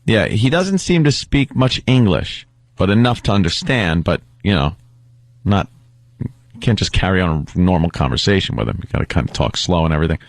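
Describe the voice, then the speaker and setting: A man's voice: sits low, animated, a little fast, no echo. A man hosting a radio talk show, telling a story in casual banter and acting out other people's lines.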